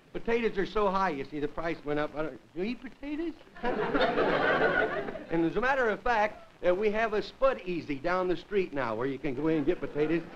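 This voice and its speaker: A man's voice: sits high, lively intonation, moderate pace. A comedian man from the United States, telling a rambling stand-up monologue to a studio audience and chuckling at his own jokes. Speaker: comedian host. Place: television studio with live audience. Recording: dull lo-fi 1950s television audio with faint hiss.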